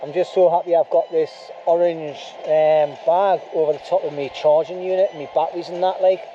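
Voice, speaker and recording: A man's voice: a little high, steady tone, fairly quick, muffled recording, a little hiss or hum. Chatty man at night camp. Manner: rambling, chatty, self-deprecating. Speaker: bushcraft vlogger. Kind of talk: casual chat to camera. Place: beach camp outdoors at night. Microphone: handheld camera. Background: music playing.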